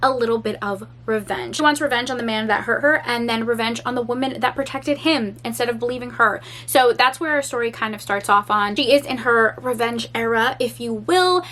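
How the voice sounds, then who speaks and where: A young woman book vlogger chatting casually in a reading vlog, gushing and excitable, swearing now and then. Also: a little high.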